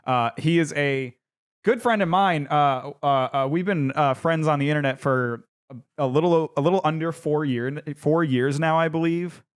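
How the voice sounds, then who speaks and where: A young man from the United States hosts a casual podcast, his voice sitting a little high for a man. He laughs easily and leans on fillers between thoughts. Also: normal speed, smooth. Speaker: podcast host. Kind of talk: casual chat.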